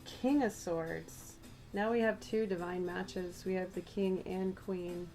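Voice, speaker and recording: A woman with a dark-toned, lowish voice delivers a channeled tarot reading slowly and with fairly even intonation. She muses aloud, talks directly to the listener, and her voice is a little worn; background music plays underneath.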